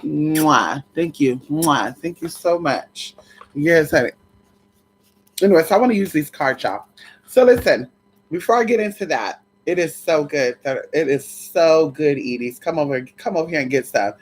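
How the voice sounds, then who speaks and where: A sassy livestream host who chats casually and greets viewers one by one, voice sitting in a middle pitch. The talk is loose and profane, full of endearments and asides. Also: lively intonation, normal speed, a little hiss or hum. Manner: swears freely. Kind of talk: casual live chat.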